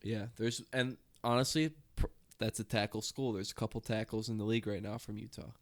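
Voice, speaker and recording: Low-voiced rambling podcast man. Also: fairly even intonation, fairly quick, no room sound, clean studio sound. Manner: rambling, easygoing, trails off and restarts. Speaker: podcast co-host. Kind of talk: casual chat.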